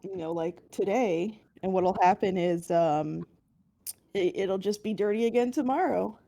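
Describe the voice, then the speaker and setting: A woman from Florida in a casual group voice chat, soft-spoken and drawling, slightly congested from allergies. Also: mid-range voice, measured pace, gravelly. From Florida, USA.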